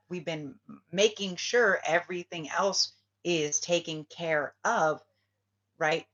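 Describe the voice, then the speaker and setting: Woman spiritual reader, low voice, rambling and profane, dull lo-fi audio. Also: fairly bright tone. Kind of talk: casual rambling vlog talk.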